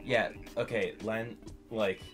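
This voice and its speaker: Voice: mid-range voice, steady tone, takes it slowly. A co-streamer joining a live stream, playful and goofy, prone to hype chanting. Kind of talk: casual live-stream chat. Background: loud music.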